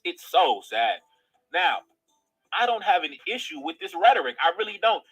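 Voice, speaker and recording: A man's voice: sits high, lively intonation, normal speed, a bit bright, poor audio. A man giving blunt opinion commentary in a played clip, peppering his talk with "bro.". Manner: blunt, repeatedly says "bro".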